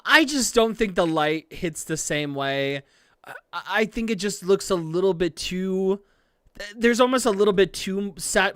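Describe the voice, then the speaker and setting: A streamer gives casual live commentary on an anime episode, rambling and gushing with many fillers, swearing freely and breaking into excited outbursts. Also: smooth, no echo, clean studio sound. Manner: swings into excited high outbursts.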